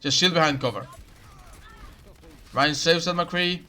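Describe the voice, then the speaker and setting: A man's voice: fairly high pitch, measured pace, sharp tone. A man coaching a player through a match replay, explaining tactics and repeating key advice. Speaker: game coach reviewing a match. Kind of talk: coaching commentary over gameplay.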